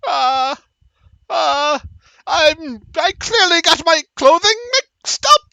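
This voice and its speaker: A man's voice: very high voice, lively intonation, takes it slowly, vocal fry, bright, forceful tone, no room sound, voice pushed up, heavily acted. A man voicing a nervous, stammering male halfling who lies to save himself. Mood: cowering. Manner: stammering, frantic.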